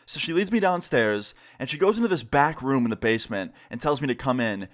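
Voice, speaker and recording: A young man vlogging a storytime, telling it in a casual, animated way and swearing freely. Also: mid-range voice, brisk. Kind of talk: storytime vlog.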